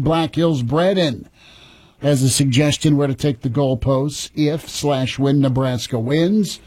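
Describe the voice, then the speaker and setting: Guy hosting sports radio, kinda high voice, rambly and laughing a lot. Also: takes it slowly, a little mellow, no room sound. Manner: chatty, laughs easily, restarts phrases. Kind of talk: casual sports talk radio.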